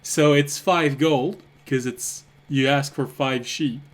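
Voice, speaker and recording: A man's voice: medium pitch, fairly even intonation, takes it slowly. Easygoing male game master. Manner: easygoing, laughs between rulings. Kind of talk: narrating a tabletop game.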